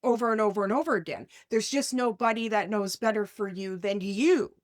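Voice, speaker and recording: A woman hosting a life coaching podcast in casual conversation, animated, often asking "right?" and acting out inner voices. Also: mid-range voice, fairly quick.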